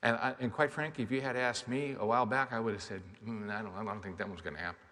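A man preaching a sermon as a pastor, dropping to quiet, hushed lines and then rising to loud, fervent exhortation. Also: on the low side, fairly even intonation, fast talker. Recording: long hall reverb.

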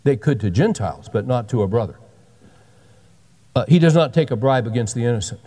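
Sixties guy preaching, low mellow voice, jokey asides, big echoey hall. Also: expressive, brisk. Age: 60s. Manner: joking asides, folksy and direct. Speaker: pastor. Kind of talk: sermon.

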